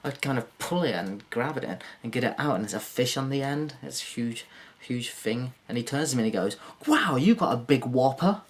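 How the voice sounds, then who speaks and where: A man riffs through a crude, rambling comic monologue. He is self-mocking, and his voice sits in an ordinary middle pitch. Now and then he leaps into silly high voices. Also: a little fast, hardly any pauses. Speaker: comedian. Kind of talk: rambling stand-up monologue to camera.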